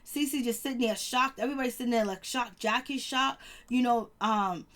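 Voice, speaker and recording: Woman, fairly high voice, casual show recap, chatty, dramatic, lots of fillers. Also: normal speed, a bit bright. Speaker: TV show reviewer.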